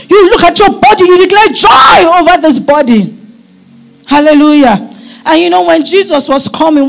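A middle-aged woman pastor preaching a sermon at a church service, fervent and often breaking into shouts. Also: sits high, vocal fry.

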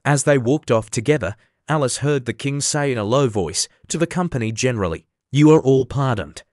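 Male storybook narrator, steady and even, mid pitch, dry. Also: brisk, no echo. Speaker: audiobook narrator. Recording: dry close studio sound.

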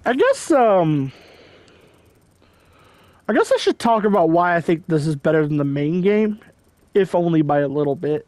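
A man's voice: on the high side, big pitch swings, moderate pace, long pauses, darkish tone, no room sound. A man giving casual gameplay commentary, rambling and hedging with lots of fillers.

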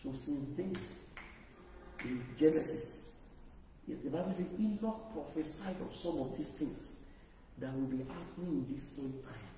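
A man preaching a sermon, emphatic and rising to loud exhortation. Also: a little high, lively intonation, a little slow, long pauses, a little hiss or hum. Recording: echoey hall, voice from far off.

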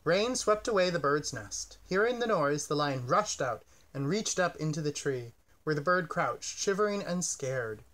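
A man reading a children's picture book aloud in a gentle, expressive storytelling manner. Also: fairly high pitch, moderate pace.

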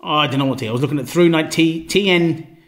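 A man casually reviewing a knife outdoors, relaxed and rambling, often repeating himself and trailing off into a quiet murmur. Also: on the high side, quick pace. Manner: relaxed, repeats himself, stumbles over words. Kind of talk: casual product review vlog.

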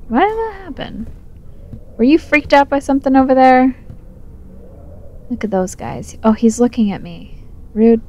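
A tipsy young woman plays through a game, chatting, swearing, and talking back to its character in casual drunk let's play commentary. Her voice sits on the high side with a darkish tone.

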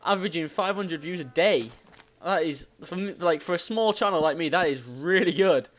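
A young-sounding man talks over his gameplay in a raised, bright voice that swings widely up and down. He rambles, restarts and keeps bursting into exclamations at what happens on screen. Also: fairly high pitch, normal speed. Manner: excitable, rambling, exclaims at the game. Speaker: gaming channel host. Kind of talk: let's play commentary.

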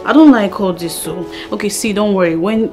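A woman plays a young Nigerian tenant with a reassuring, soothing manner. Her voice sits at a middle pitch. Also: brisk, darkish tone, soft background music, natural voice.

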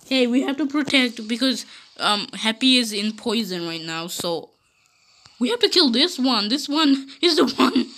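Giggly, excitable woman host doing playful role-play over a game. Slightly high voice, unhurried pace. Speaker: channel host.

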